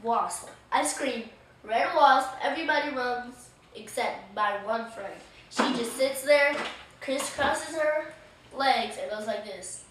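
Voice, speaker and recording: A woman's voice: on the high side, takes it slowly, fairly bright tone, slight background noise. A young girl casually telling a school story to her friends in a chatty way. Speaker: vlog participant. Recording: echoey room, mic at a distance.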